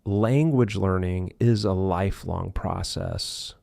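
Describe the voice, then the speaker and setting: A man teaching English pronunciation in a scripted lesson, slowly modeling example words one by one. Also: low voice, vocal fry, darkish tone, no room sound, studio quality.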